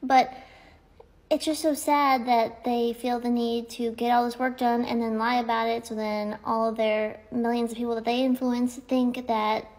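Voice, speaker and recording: A young woman vlogging to camera in a casual, rambling way, with a high voice that sounds like it comes from someone small. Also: little pitch movement, normal speed, darkish tone. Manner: chatty, rambling with many "like"s. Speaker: content creator. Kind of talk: casual talking-to-camera vlog.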